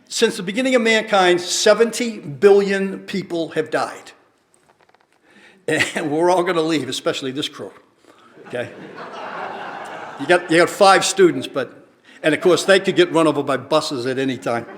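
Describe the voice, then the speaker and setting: An older man, a retired teacher and researcher, rambling through wry stories and drawing out his punchlines. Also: fairly high pitch. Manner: wry storyteller, drawn-out punchlines. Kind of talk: rambling anecdotal talk.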